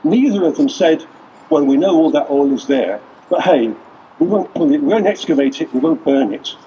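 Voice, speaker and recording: At an outdoor street protest, a man delivers an earnest, rallying speech built on repeated lists. His voice is a little high, animated and mellow at a moderate pace. The audio is dull and distant, with slight background noise and faint outdoor ambience.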